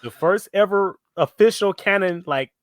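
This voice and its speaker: A man co-hosting a casual fan podcast, animated, swearing freely and acting out villains' lines. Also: high voice, normal speed, dry recording, clean studio sound. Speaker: podcast co-host.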